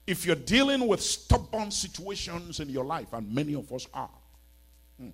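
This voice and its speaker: A man's voice: on the high side, sing-song, a little slow, long pauses, fairly bright tone, breathy edge. A man preaching a church sermon as a bishop, pleading and emphatic, with many rhetorical questions.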